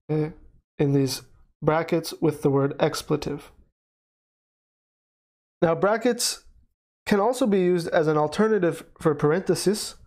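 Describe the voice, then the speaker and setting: A slightly higher-pitched man walks through a grammar lesson at an unhurried teaching pace. He keeps checking in with listeners, tacking a quick "okay" onto his points. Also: darkish tone. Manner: explains slowly, checks in with frequent "okay". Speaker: English teacher.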